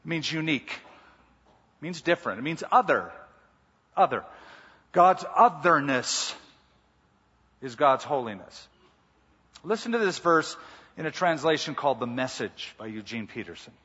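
A man's voice: a little high, animated, a little slow, long pauses, pushed and bright, breathy edge. A male pastor preaching a sermon, emphatic and repeating key words. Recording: muffled hall reverb.

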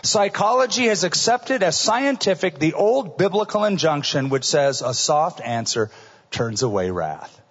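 A middle-aged male pastor preaching a sermon in an earnest, conversational way, often dropping to a soft voice for asides. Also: on the high side, expressive, a little slow, slightly rough. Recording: dull recording in a large reverberant hall.

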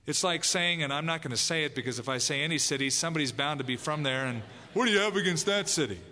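Animated preacher man in a reverberant hall. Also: on the high side, fast. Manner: animated, acts out voices in quotes. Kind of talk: evangelistic sermon.

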